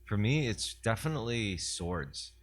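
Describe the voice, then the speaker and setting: A man's voice: lowish voice, sing-song, a little slow. A man co-hosting a podcast in casual chat, opinionated and crude, talking animatedly. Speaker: podcast co-host.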